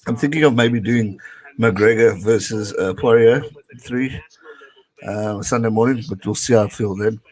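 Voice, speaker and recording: A man's voice: on the low side, measured pace, a little mellow, low-quality recording. A young man giving casual live watch-along commentary on a rugby match, chatting with viewers and reading out their messages.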